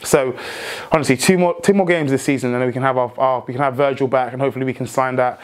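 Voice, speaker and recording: A young man hosting a football fan vlog, talking excitedly with many restarts and outbursts. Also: mid-range voice, quick pace. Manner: excitable, rambling, frequent restarts, shouts in joy. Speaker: football fan channel host.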